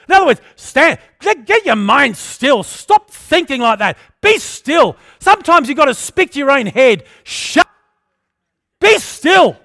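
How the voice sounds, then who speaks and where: Aussie preacher guy, fired-up sermon, high pitched, dry no-echo sound. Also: big pitch swings, moderate pace. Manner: impassioned preaching, swinging between loud declarations and hushed storytelling.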